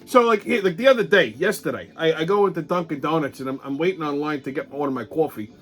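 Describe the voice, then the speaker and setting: A man hosting a comic, profane ranting monologue, telling stories in an animated way. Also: fairly high pitch, fast. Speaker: host.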